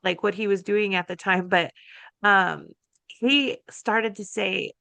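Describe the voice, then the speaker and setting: Bright-voiced middle-aged woman, dry mic. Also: medium pitch, takes it slowly, gravelly, no echo. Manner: expressive storyteller, emphatic, laughs easily. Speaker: podcast co-host. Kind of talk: casual conversational podcast talk.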